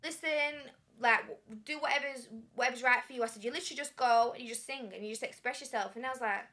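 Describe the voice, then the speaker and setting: A woman's voice: on the high side, quick pace. A young woman with a Yorkshire accent, a singer telling stories as a guest in a casual sit-down interview and acting out the dialogue. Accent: Yorkshire English. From Sheffield, England. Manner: animated, acts out quoted dialogue. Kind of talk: casual storytelling.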